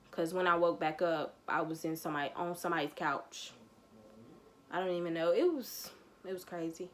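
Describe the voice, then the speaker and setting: A woman's voice: mid-range voice, slight background noise. A nineteen-year-old woman, telling a story on her vlog and acting out the quotes. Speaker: vlogger.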